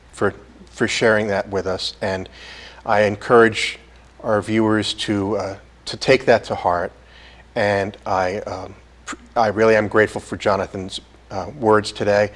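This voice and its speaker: A man hosting an interview show, speaking in an earnest, measured way, with fillers and restarts. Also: on the low side. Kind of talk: interview host wrap-up.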